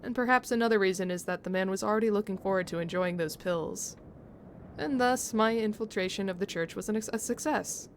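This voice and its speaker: A woman's voice: mid-range voice, a little fast. Brief: chatty woman streamer reading a game story to chat, faint noise behind. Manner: chatty, laughing, muses on pronunciation.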